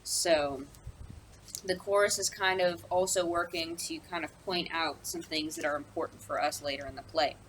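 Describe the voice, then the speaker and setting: A woman's voice: sits low, fairly even intonation, normal speed, a bit bright, a little hiss or hum, poor audio. A young woman, an English teacher, casually explains a play with lots of ums and asides. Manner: chatty, with many fillers and asides. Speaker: high school English teacher. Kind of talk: casual recorded lesson.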